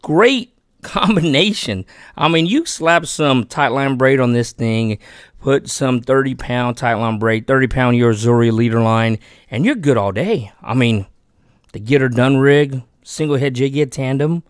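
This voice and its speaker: A man's voice: mid-range voice, a little slow, no echo, studio quality. A man hosting a fishing channel, chatting casually and eagerly about fishing gear and a giveaway. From Texas. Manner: chatty and excitable, talks himself out of keeping the gear. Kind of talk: casual giveaway vlog talk.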